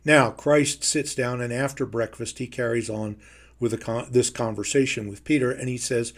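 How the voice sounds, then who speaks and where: A man teaching a Bible lesson in a measured, emphatic way, slowing down to stress key phrases. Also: mid-range voice. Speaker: preacher.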